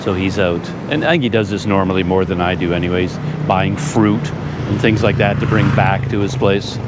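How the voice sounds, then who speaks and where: Chatty low-voiced man vlogging. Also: background noise. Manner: chatty, rambling, amused storytelling. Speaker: travel vlogger. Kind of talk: casual chat to camera.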